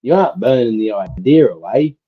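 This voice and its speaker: A man's voice: medium pitch, very animated, brisk, natural voice. A man putting on an Australian accent to voice a blunt male chat commenter, speaking in a mock-serious, preachy way. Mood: lecturing. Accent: Australian (put on). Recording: dull lo-fi sound, faint noise.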